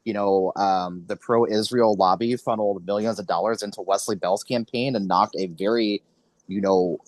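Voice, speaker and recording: A man's voice: fairly low pitch, steady tone, normal speed, no echo. A man from Missouri hosting a podcast interview, blunt and opinionated. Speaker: podcast host.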